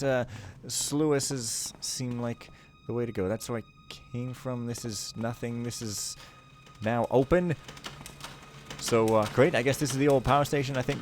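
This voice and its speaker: A man rambling through a playthrough with joking, self-mocking asides at a middling pitch. Faint game music plays under his voice. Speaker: let's play host. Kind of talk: casual gameplay commentary.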